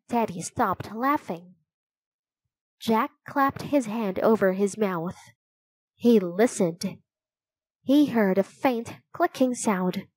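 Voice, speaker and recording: A woman reading a children's chapter book aloud, telling it slowly and clearly. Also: medium pitch, darkish tone, no echo, rough recording. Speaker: storybook narrator.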